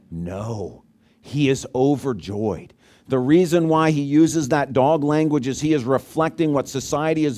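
A male pastor preaches conversationally, asking the congregation questions as his voice swings from loud emphasis to low, quiet asides.

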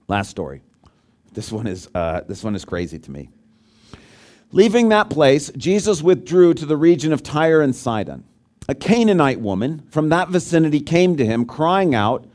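A man preaching a sermon as pastor, talking conversationally and asking the congregation questions, swinging between loud emphasis and quiet low asides. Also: sing-song, normal speed.

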